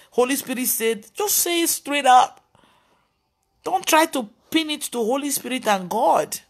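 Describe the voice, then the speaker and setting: A woman pastor preaching on a live video, telling stories and scolding with emphatic exclamations. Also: high voice. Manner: animated storytelling, mimicking others' voices.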